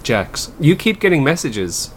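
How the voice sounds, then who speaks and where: A man's voice: a little high, big pitch swings, unhurried. A man co-hosting a podcast in casual chat, jokey and chuckling, with lots of fillers. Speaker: podcast co-host.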